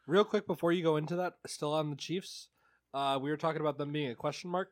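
A man co-hosting a casual sports talk show, making measured points backed by statistics. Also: a little high. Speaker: sports podcast co-host.

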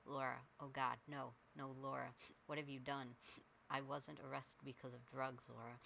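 A man's voice: mid-range voice, level tone, normal speed, gravelly, pushed and bright, slight background noise, low-quality recording. A man voicing a distraught middle-aged mother who pleads tearfully, in a narrated horror story. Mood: pleading. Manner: pleading, emotional.

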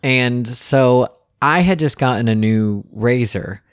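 A man co-hosting a podcast, telling stories in a lively casual chat and putting on kids' voices. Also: medium pitch, takes it slowly, clean tone, no echo, studio quality. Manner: animated storyteller, puts on kids' voices. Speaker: podcast co-host.

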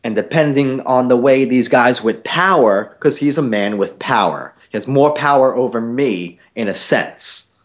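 A young man ranting on a podcast, his storytelling animated and full of swearing. His voice sits at an ordinary pitch. The recording sounds dull and lo-fi. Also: measured pace. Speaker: podcast host. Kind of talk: casual podcast chat.

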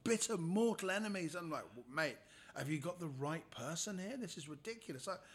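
A man's voice: high voice, lively intonation, fairly quick, husky. A man, a comedian guest, telling stories in casual chat and acting out the people he quotes.

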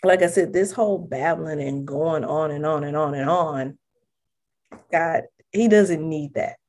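A woman in casual conversation about prayer, animated and expressive, acting out prayers with big jumps in her voice. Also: unhurried. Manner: animated, acts out prayers with big pitch jumps, laughs often. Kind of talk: casual faith chat.

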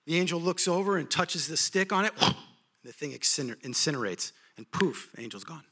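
A man preaching a sermon, telling a story in an animated, humorous way. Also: on the high side, normal speed, breathy edge.

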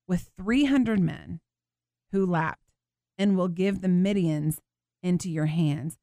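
A woman hosting a faith show, teaching from the Bible in an animated, expressive way and acting out what people in the story say. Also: fairly high pitch, no room sound, studio quality. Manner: animated, expressive, laughs and acts out voices.

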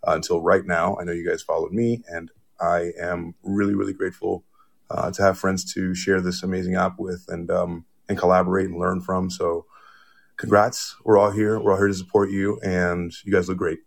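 Deep gravelly man in a casual message. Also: level tone, normal speed. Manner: casual, upbeat, swears freely. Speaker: podcast listener sending voice messages. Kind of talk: recorded voice message.

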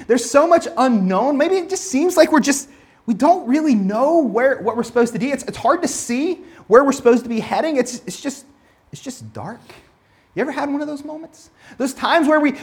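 Young male preacher, casual storytelling sermon, chatty with lots of fillers and restarts. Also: very high-pitched.

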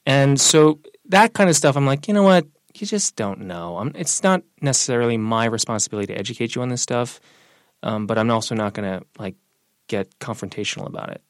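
A young man in an interview, talking casually and telling personal stories, relaxed and lively when quoting other people. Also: mid-range voice, fairly quick, no room sound. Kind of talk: casual conversational storytelling.

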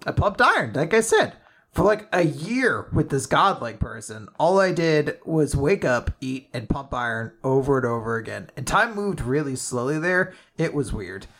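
Man reading a deadpan young muscle hero, unbothered, lively pitch. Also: normal speed, full character voice.

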